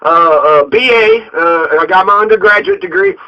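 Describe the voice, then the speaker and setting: A man from Colorado launches into a heated political rant, swearing freely as he talks. His voice sits high for a man, and the recording sounds dull and lo-fi. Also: huge pitch swings, normal speed. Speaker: local political candidate.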